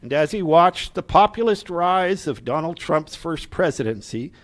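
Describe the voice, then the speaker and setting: A man's voice: on the high side, lively intonation, moderate pace. A middle-aged man giving a prepared speech to a live audience, earnest, with asides and light humor to the room. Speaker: speaker at a political gathering.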